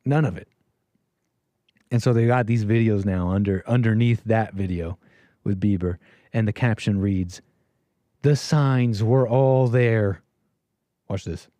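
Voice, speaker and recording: A man's voice: fairly low pitch, fairly even intonation, moderate pace, long pauses, dark tone, no room sound. A man hosting a call-in livestream, reacting to clips in casual, rambling commentary with many fillers and a sarcastic, dismissive edge. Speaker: livestream host taking calls.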